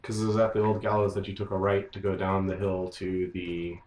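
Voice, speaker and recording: A man narrating as game master in a tabletop game, halting and filling pauses with ums and uhs. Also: sits low, monotone, darkish tone. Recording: echoey room with faint noise.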